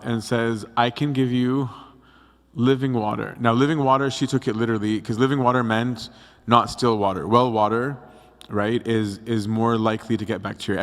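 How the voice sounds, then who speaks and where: A man's voice: medium pitch, a bit bright. A young adult male priest giving a casual, conversational youth talk on scripture. He acts out the quotes and keeps checking in with "right?". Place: church hall. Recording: long hall reverb.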